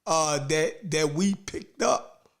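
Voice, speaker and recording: A man hosting a casual discussion who speaks slowly, with many pauses, "um"s and "right"s. His voice sits a bit high for a man. He picks his words as he goes. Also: animated, creaky, a bit bright. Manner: slow, hesitant, lots of um and right.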